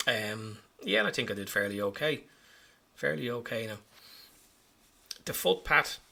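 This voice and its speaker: A man's voice: medium pitch, lively intonation, unhurried, gravelly, pushed and bright. A man talking casually over his hobby footage in a chatty, self-mocking way, rambling as he explains each step. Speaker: hobby vlogger.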